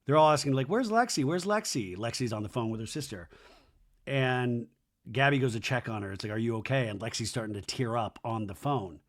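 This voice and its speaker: A man hosting a podcast, recapping a reality show with sarcastic, crude jokes and high-pitched mocking impressions of the cast. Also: fairly quick. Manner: animated, jumps into high mocking voices when quoting people. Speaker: podcast host.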